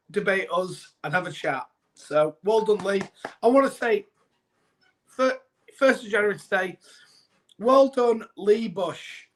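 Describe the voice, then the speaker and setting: A man co-hosting a live fan stream who talks in an enthusiastic, praising way and swears casually. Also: high voice. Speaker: co-host.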